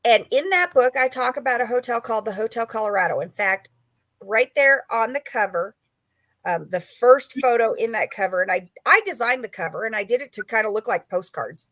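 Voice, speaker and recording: In a relaxed interview, a woman who writes and investigates the paranormal wanders through a story, chatting and using plenty of filler words. Her fairly high voice is expressive, brisk and fairly bright, and the recording is dry.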